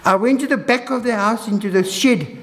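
A man with a South African accent preaching a sermon, telling an emotional testimony that swings between urgent high phrases and hushed low ones. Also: a little fast, long reverb tail. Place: church hall.

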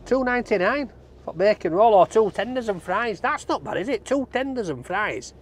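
A man's voice: high voice, animated, normal speed. A man with a Yorkshire accent from Barnsley, hosting a takeaway review vlog and chatting jokily with his cameraman while driving through town. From Barnsley, England. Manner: chatty, jokey, banter with cameraman. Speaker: food reviewer host.

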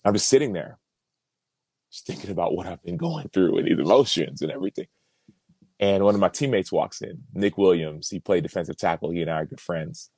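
A man with a very low, deep voice tells a personal story as a podcast guest. He speaks earnestly and reflectively, circling back on words as he works through a thought. The sound is dry and close, with no room in it. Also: animated, brisk, darkish tone, slightly rough, dry recording. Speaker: podcast guest, former pro football player.

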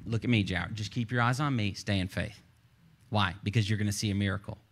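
A male pastor preaching a sermon. He tells the story in an animated way, acts out the voices of the people in it, and swings between emphatic bursts and low, soft lines. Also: fast talker.

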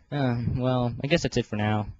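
A man's voice: medium pitch, dry recording, lo-fi sound. A teenage boy in a casual vlog, rambling and self-deprecating, with lots of fillers and restarts. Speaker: video creator organizing a fan voice series.

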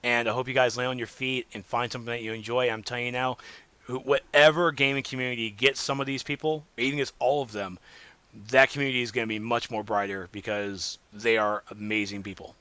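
A man hosting a casual solo gaming podcast, rambling and animated, swinging between loud remarks and muttered asides. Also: medium pitch, fast, clean tone, no room sound. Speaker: podcast host.

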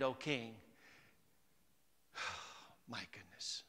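A man's voice: mid-range voice, measured pace, pushed and bright. A man preaching a sermon as pastor, chatty and conversational, climbing to emphatic peaks. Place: church sanctuary. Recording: long hall reverb.

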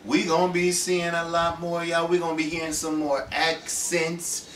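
A man's voice: on the high side, completely flat delivery, moderate pace, a bit bright, slight background noise. A man co-hosting a casual ministry chat, joking and playful. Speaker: ministry host. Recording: echoey room, mic at a distance.

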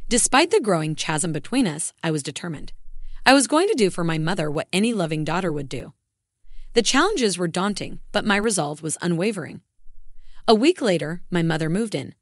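A woman's voice: fairly low pitch, sing-song, fairly quick, no echo, studio quality. A woman telling a story in the first person, with scripted, earnest and emotional narration.

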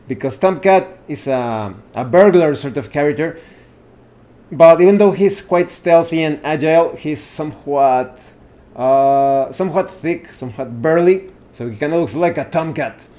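A man with a slightly higher-than-usual voice hosts a casual explainer on solo tabletop gaming. He talks in an unhurried, improvised way and often pauses or corrects himself mid-sentence. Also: dark tone. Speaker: channel host explaining solo tabletop games.

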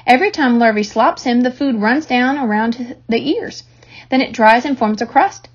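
A woman's voice: on the high side, animated, normal speed, husky. A woman voicing a determined farm wife who speaks firmly, on a dull lo-fi recording. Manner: firm, matter-of-fact.

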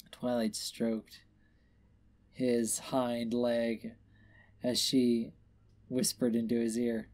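A man reads a story aloud in a casual, unpolished way. He goes slowly, with a dark, mellow voice. He stumbles over words and drops in offhand remarks. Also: medium pitch, completely flat delivery. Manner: offhand, trips over words, adds asides. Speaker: reader. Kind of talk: casual reading of fan fiction aloud.

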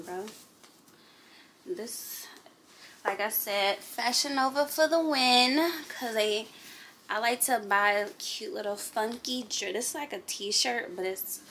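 A woman's voice: medium pitch, normal speed, slight background noise. Chatty woman vlogging at her makeup table. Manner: chatty, animated, addresses viewers as y'all and honey. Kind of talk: casual vlog chat.

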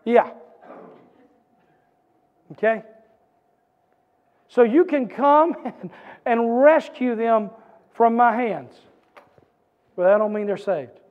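A man preaching a sermon as pastor, with a repetitive, building cadence that rises to shouts. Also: very high-pitched, takes it slowly, pauses often, phone-quality sound. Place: church sanctuary. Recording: church hall reverb.

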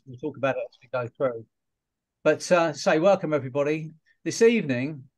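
This is a man, a hypnotherapist and trainer, speaking to students over a video call. His voice sits a little high for a man, and his delivery is loose and conversational, full of fillers and small laughs. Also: a little mellow. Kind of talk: online talk to an audience.

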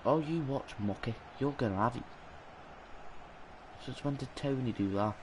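A young man talks over his gameplay in an exasperated stream of muttering and swearing. His pitch sits in the middle for a man. A clear hiss runs under the recording. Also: normal speed. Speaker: gaming channel host. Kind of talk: live gameplay commentary.

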